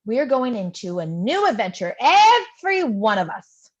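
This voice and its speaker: A woman reading the part of an eager young aspiring writer who leads the group, full of quick questions, in a live play reading. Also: a little high, sing-song, highs cut off. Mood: excited.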